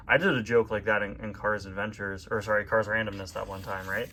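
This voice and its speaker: Brief: man, comic book-club host, chatty and self-deprecating, bright tone. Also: lowish voice, steady tone, brisk. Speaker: toy and comic reviewer. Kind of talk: reading comics aloud with casual commentary.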